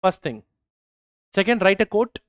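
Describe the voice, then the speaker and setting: A man with an Indian accent teaching a class, mixing in Hindi and repeating phrases slowly so students can write them down. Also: high-pitched, sing-song, dry recording, clean studio sound. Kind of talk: classroom lecture, dictating notes.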